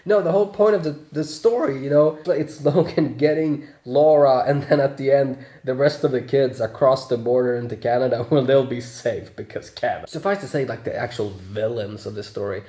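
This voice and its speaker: A man's voice: mid-range voice, normal speed, few pauses, dark tone, roomy sound. A man chatting through a casual movie review, laughing often and swearing freely.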